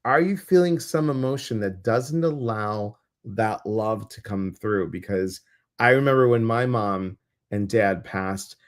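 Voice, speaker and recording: A man's voice: fairly low pitch, unhurried. A middle-aged man co-hosting a casual weekly livestream, telling stories animatedly and acting out his own reactions. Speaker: co-host of a weekly intuitive live show.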